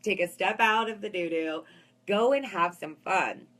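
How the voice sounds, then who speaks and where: A woman's voice: mid-range voice, unhurried, fairly bright tone. A woman in her thirties chatting casually to camera as a spiritual vlogger, upbeat and calling her viewers "guys".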